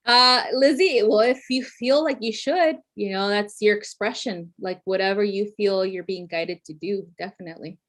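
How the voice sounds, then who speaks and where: A woman's voice: medium pitch, moderate pace, few pauses. A woman talking casually to viewers as a tarot reader, chatty, with lots of fillers and frequent laughter.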